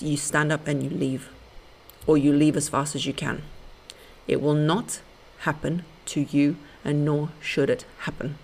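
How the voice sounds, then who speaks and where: A young woman hosting a podcast, giving blunt, sassy relationship advice and calling listeners honey and baby. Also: deep voice. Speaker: podcast host. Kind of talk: casual advice monologue.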